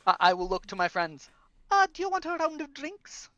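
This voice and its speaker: A woman's voice: sits high, sing-song, moderate pace, bright, forceful tone, dry recording, highs cut off. A woman playing a tabletop game, speaking in character in a playful, slangy way. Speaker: player.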